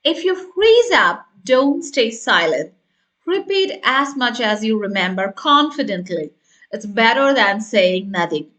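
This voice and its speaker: Female tutor, bright higher voice, upbeat coaching delivery, models examples slowly. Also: very animated. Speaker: test prep teacher. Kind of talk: scripted tutorial.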